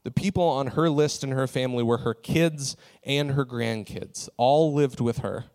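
A man preaching, telling a personal story in a relaxed, conversational way with frequent fillers. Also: medium pitch, moderate pace. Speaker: pastor. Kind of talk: sermon story.

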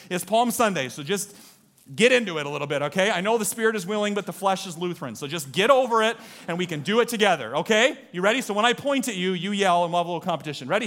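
A man with a high voice preaches in a church, animated and jokey. He keeps drawing the congregation in and rallying them to take part. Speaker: pastor. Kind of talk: sermon. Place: church sanctuary.

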